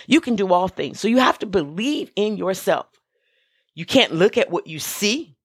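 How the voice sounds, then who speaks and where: A woman's voice: lowish voice, breathy edge, no echo, clean studio sound. A woman who is a minister, hosting a motivational podcast and speaking emphatically, repeating key phrases and giving direct instructions to listeners.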